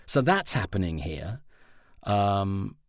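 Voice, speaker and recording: Low-voiced outspoken English man. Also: slow pace, no room sound, studio quality. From England. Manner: outspoken, wry, animated storyteller. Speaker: voice actor guest. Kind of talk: candid interview chat.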